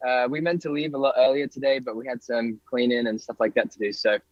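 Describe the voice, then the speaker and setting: A man's voice: mid-range voice, fairly even intonation, fast talker, a crowd in the background. An American man on a casual live show, laid-back and friendly, calling in from a car. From Delaware, USA. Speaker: co-host. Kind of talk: casual chat. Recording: dull lo-fi call audio.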